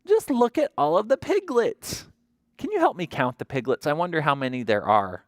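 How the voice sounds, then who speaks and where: A woman librarian reads aloud to toddlers in a sing-song, coaxing way, asking little questions as she goes. Her pitch rises and falls in big, lively swings. The recording is close and dry. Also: moderate pace, dry recording. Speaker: children's librarian. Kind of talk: toddler story time read-aloud.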